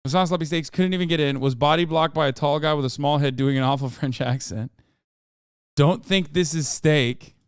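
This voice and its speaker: A man hosting a livestream in casual chat, reading viewer posts aloud in an offhand, sarcastic way with loud outbursts. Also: fairly high pitch, steady tone, fast talker, few pauses, clean tone, dry recording, studio quality. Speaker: livestream host.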